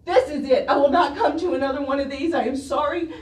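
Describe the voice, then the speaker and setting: A woman's voice: high voice, quick pace. A woman pleading in tears during public comment at a council meeting, her voice shaking as she speaks. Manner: pleading, breaking with emotion. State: crying, voice shaking. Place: council chamber. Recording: echoey chamber, distant mic.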